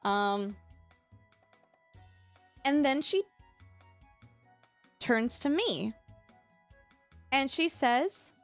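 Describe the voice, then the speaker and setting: A young woman, livestreaming and telling a story casually, animated and laughing often. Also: high-pitched, extremely slow, long pauses, faint music behind. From Canada.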